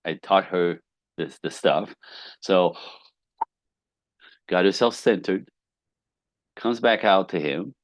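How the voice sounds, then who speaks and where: A man who is a relationship coach, telling client stories on a podcast with lively acted-out quotes and casual swearing. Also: low voice, takes it slowly, long pauses, no echo. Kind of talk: podcast interview guest.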